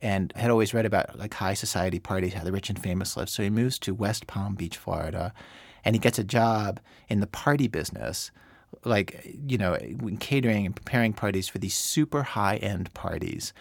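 A man's voice: lowish voice, moderate pace, gravelly, dry recording, clean studio sound. A man who works as a radio producer, explaining storytelling craft in a chatty way, full of fillers and repeats. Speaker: radio producer, interview guest.

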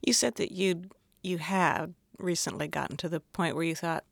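A woman interviewer asks searching questions, feeling her way through them. Her voice is low and gravelly with plenty of fry. The recording is close and dry. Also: fairly even intonation, moderate pace, no echo. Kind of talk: conversational interview.

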